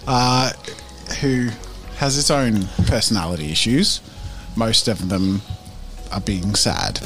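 A man's voice: on the low side, takes it slowly, music in the background. Playful, giggly male tabletop player. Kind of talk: casual tabletop game chat.

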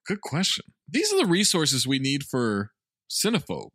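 A man's voice: mid-range voice, huge pitch swings, normal speed, breathy edge, no echo, clean studio sound. A man co-hosting a movie podcast, joking and swearing in casual chat. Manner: joking, profane, laughs loudly. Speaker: podcast co-host.

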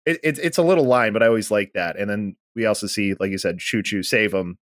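A man co-hosting a podcast, casually recapping a manga and acting out the characters' lines with lively energy. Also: on the low side, a little fast, few pauses, no room sound, studio quality. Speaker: podcast co-host.

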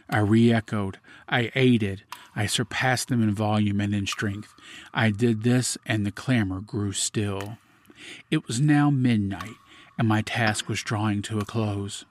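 A man giving a measured, grave dramatic reading of a classic gothic story as podcast host. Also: fairly low pitch, fairly even intonation.

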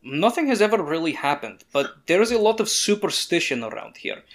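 Easygoing superstitious male guide, put on by the game master, middle pitch, lots of movement in the voice. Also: big pitch swings, fairly quick, lightly acted. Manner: easygoing, jokey. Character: superstitious male caravan guide, friendly and joking.

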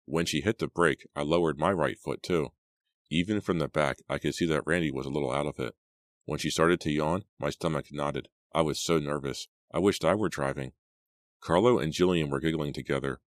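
Super deep voiced guy reading a teen horror audiobook, steady, dry close mic. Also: dry recording. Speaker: audiobook narrator. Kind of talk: scripted narration of a teen horror novel.

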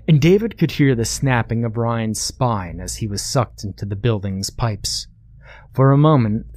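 A man reading a horror story aloud in a measured, matter-of-fact narration. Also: on the low side, a little mellow, dry recording.

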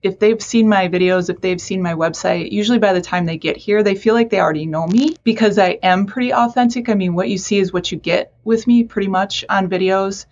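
A woman's voice: mid-range voice, a little fast, few pauses, a little mellow, muffled recording. A woman counselor for teens, chatting casually in an interview, self-deprecating and laughing often. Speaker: mental health counselor for teens.

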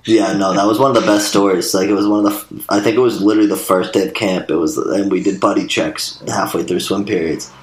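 A man's voice: deep voice, fairly even intonation, quick pace, few pauses, reverberant, rough recording. A young man chatting casually about his days as a camp counselor, laid-back and swearing, with dude in every other line. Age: young adult. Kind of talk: casual chat.

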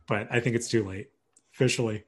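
A man's voice: on the low side, fairly even intonation, a little fast, slightly rough. A man chatting casually as a podcast guest, easygoing and self-deprecating, laughing often. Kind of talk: casual chat.

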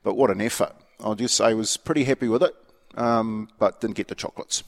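A man's voice: on the low side, a little fast, creaky, big-room sound. A man with a New Zealand accent co-hosting a radio show, chatting casually and rambling about sport with lots of restarts. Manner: laid-back, matey, rambling with many restarts. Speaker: radio co-host.

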